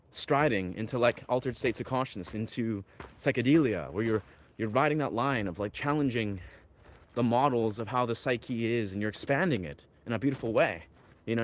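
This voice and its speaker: A man's voice: mid-range voice, a little hiss or hum. Dreamy rambling man outdoors. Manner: dreamy, wandering, filler-heavy musing. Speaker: vlogger. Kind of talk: rambling outdoor vlog talk. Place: outdoors among pine trees.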